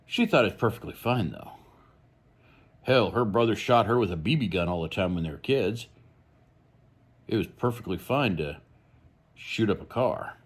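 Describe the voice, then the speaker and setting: A man's voice: lowish voice, animated, normal speed, long pauses, slightly rough. A man hosting a true crime channel, giving blunt, rambling, opinionated commentary.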